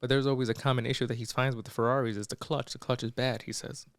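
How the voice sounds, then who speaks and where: A man's voice: medium pitch, level tone, quick pace, smooth, dry recording, studio quality. A young man co-hosting a podcast, casually retelling a movie plot and quoting the characters with "he's like" and "she's like". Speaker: podcast co-host. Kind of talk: casual storytelling chat.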